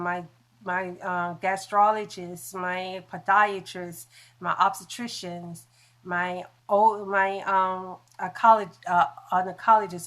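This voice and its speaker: A woman's voice: mid-range voice, fairly bright tone. A woman talking on a casual phone livestream, in a mid-range voice. She chats along loosely and trips over long medical terms now and then. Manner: chatty, stumbles over medical words. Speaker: livestream host.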